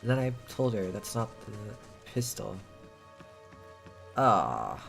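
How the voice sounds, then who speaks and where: Man, low voice, gravelly, excitable, swearing, game commentary, reads text aloud. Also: slow, soft background music. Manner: excitable, swears, reacts loudly. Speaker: gameplay streamer.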